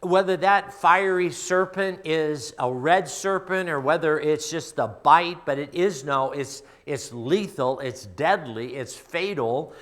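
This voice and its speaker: In a church sanctuary, a Midwestern American pastor in middle age delivers his sermon slowly, with few pauses and a fairly high pitch. His storytelling feels conversational, softening to a hush when things get personal.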